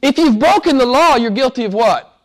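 High-voiced man preaching emphatically. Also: lively intonation, normal speed. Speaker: pastor. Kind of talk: sermon.

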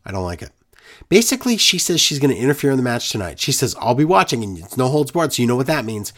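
A man talking in a casual recap chat, sarcastic and fed up. His voice swings up and down with lively inflection at an ordinary middle pitch. He keeps up a running, exasperated rant. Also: fast talker. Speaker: wrestling podcast co-host.

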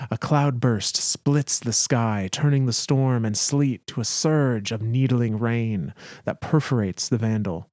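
A man's voice: mid-range voice, a little mellow, no room sound, studio quality. A man co-hosting a gaming podcast, narrating story passages and chatting casually. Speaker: podcast co-host.

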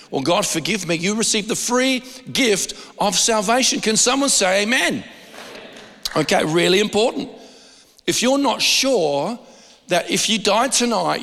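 Male preacher, high voice, chatty sermon delivery with restarts and repeated words, hall reverb. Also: a bit bright. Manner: conversational, stumbles and repeats words, stretches key phrases.

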